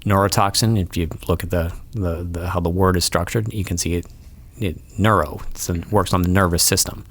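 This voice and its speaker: A man's voice: low voice, fairly even intonation, fairly quick, a bit bright. A man, a wildlife removal expert, explaining pests to hosts in a casual studio interview, patient and full of ums and restarts. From Florida. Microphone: studio mic.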